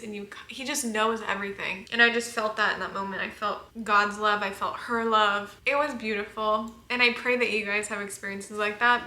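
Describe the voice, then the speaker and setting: A woman's voice: medium pitch, sharp tone. A woman in her twenties talking to her viewers in a casual, heartfelt vlog, full of "like"s. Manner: chatty, heartfelt, many "like"s. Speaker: vlogger. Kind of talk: casual chat to camera. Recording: echoey room.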